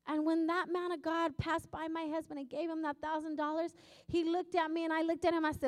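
A woman preaching in a sermon, telling her story emphatically and swinging from hushed to loud. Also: very high-pitched, fairly even intonation, fairly quick, long reverb tail. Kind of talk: sermon testimony.

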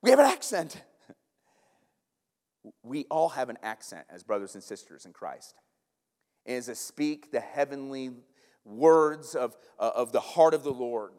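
An American man preaching a sermon as pastor, lively and conversational, checking in with the congregation with frequent asides. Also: medium pitch, normal speed. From United States. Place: church sanctuary. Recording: long hall reverb in a sanctuary.

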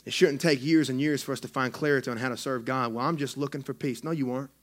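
A man, a pastor preaching a sermon in a church in an excitable, conversational way with frequent restarts. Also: medium pitch, fast. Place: church sanctuary.

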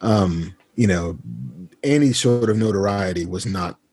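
A man guest on a podcast, telling casual anecdotes in a laid-back, self-deprecating way and acting out a friend's lines in a higher voice. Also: a little slow, a little mellow, breathy edge. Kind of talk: casual interview storytelling.

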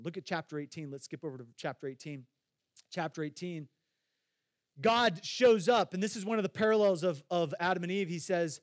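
High-voiced preaching pastor. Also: male voice, no room sound, studio quality. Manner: conversational, asks the listeners direct questions; repeats and restarts phrases for emphasis. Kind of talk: sermon.

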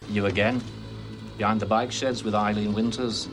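An actor playing a mocking game show host in a film, with music behind. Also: male voice, lowish voice, little pitch movement, normal speed, lightly acted.

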